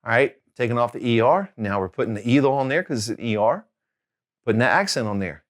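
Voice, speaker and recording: Man, casual language tutor, medium pitch, slows down to repeat words. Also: lively intonation. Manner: chatty, repeats each Spanish word slowly. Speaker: Spanish tutor. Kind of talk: casual video lesson.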